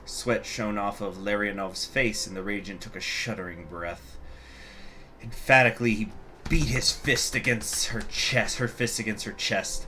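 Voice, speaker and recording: Casual gaming host reading a story. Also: male voice, lowish voice, a little slow, bright, forceful tone, a little hiss or hum. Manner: casual, profane asides. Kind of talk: let's play with story reading.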